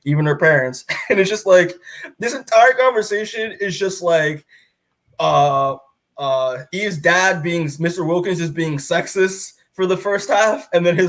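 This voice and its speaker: A man's voice: high-pitched, unhurried, fairly bright tone. A man co-hosting a podcast, casually recapping a comic book in a rambling way full of fillers, often acting out the characters' lines. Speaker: podcast co-host.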